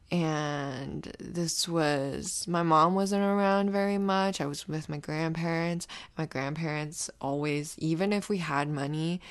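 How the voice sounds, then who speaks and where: A woman's voice: deep voice, no room sound. A woman casually telling a rambling personal story, swearing often and restarting her sentences. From grew up partly in Canada, moved there as a child. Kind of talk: casual profane storytelling monologue.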